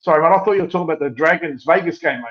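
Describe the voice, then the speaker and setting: A quick-talking Australian man co-hosting over a video call, calling everyone "mate" and apologizing easily. His voice sits a little high, and the call audio is muffled and lo-fi. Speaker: podcast co-host. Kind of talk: casual live-stream chat. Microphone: remote video call.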